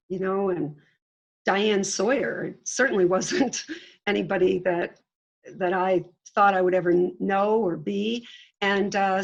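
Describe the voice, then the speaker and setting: A woman telling lively, self-mocking stories as an interview guest over a video call. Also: medium pitch, low-quality recording. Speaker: guest, veteran sports broadcaster.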